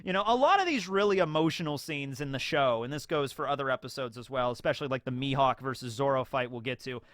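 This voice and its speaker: A man casually recapping a show episode in an animated way, often acting out scenes. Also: medium pitch, fast, no echo. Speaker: YouTube show reviewer.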